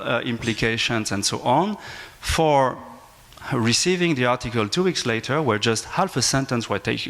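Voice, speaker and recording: A man's voice: mid-range voice, fairly bright tone. A man with a French accent, an academic speaking at a panel discussion, hesitant with frequent restarts and fillers. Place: conference panel table.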